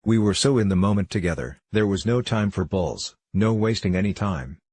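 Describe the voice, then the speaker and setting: A man's voice: on the low side, animated, moderate pace, a little mellow, no echo. A man giving candid interview answers, telling a personal story in a reflective, heartfelt way.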